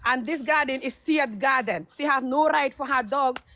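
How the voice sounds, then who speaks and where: High-pitched lady filming on her phone, keeps repeating herself. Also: moderate pace, sharp tone. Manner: repetitive, insistent, mixes Wolof with English. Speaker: vlogger filming a dispute. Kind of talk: handheld phone vlog, confrontational. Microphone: phone camera.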